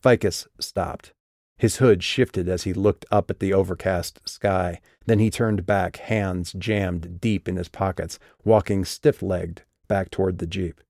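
A man narrating an audiobook in a steady, measured read. His voice sits very low and the sound is close and dry, with no room around it. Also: no room sound.

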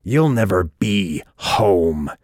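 A male audiobook reader voicing a gruff, cryptic hooded stranger with a sandblasted, gravelly voice and a dry, growling delivery. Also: sits low, expressive, very slow, darkish tone, dry recording, exaggerated voice. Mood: intense.

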